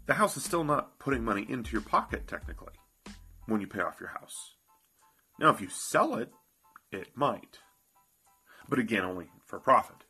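With a middling pitch and a gravelly, creaky edge, a financial educator addresses viewers directly in a motivational finance talk. He is emphatic and hammers each point home through repetition, with soft music faintly underneath.

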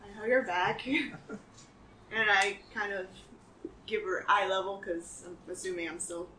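A woman's voice: medium pitch, steady tone, unhurried, sharp tone. A woman playing a tabletop role-playing game, describing her character's actions casually with frequent laughs and fillers. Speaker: player. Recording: echoey room, distant mic, faint hiss.

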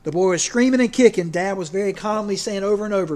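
Guy preaching, high voice, loose and jokey, lots of uh and restarts. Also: quick pace, darkish tone. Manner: folksy, joking, many restarts and fillers. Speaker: pastor. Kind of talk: sermon.

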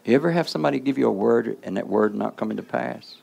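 A man's voice: mid-range voice, quick pace, creaky, a little mellow, husky. A man preaching a sermon in the role of a preacher, checking in with the congregation through call-and-response asides.

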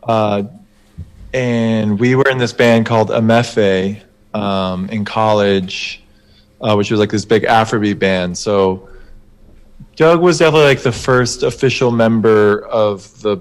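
Musician guy, kinda low voice, hesitant, says "like" a lot. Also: unhurried, clean tone. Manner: hesitant, lots of "like" and "I don't know". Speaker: musician guest. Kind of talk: casual live interview.

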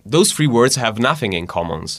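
A man's voice: mid-range voice, very animated, normal speed, no room sound. A man from northern Italy, a native Italian speaker with an Italian accent, chatting earnestly in a casual interview. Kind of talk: casual conversation.

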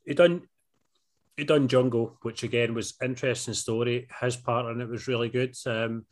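A man's voice: medium pitch, fairly even intonation, normal speed. A Scottish man co-hosting a podcast, chatting casually about films and often asking "do you know what I mean?". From Scotland. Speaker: podcast co-host. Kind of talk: casual film review chat.

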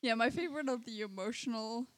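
A woman's voice: a little high, fast, no echo, poor audio. A young woman co-hosting a casual movie review chat, rambling with restarts, fillers and laughter. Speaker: podcast co-host.

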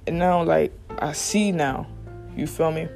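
A podcast host giving blunt, profane motivational straight talk, recorded alone at a quiet workplace late at night. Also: medium pitch, unhurried, vocal fry, faint music behind. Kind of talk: motivational casual monologue. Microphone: single mic.

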